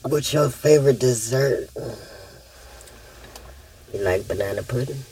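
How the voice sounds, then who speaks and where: A woman, a mother, chatting casually and listing things calmly. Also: extremely low pitch, a little slow, a little hiss or hum, low-quality recording. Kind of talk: casual family chat.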